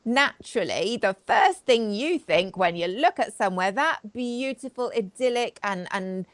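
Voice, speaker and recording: A woman's voice: mid-range voice, animated, measured pace, no echo. Sarcastic chatty woman, dry close mic. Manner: sarcastic, chatty, talks to her live audience. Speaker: host. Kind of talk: live-stream commentary. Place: home studio, live video.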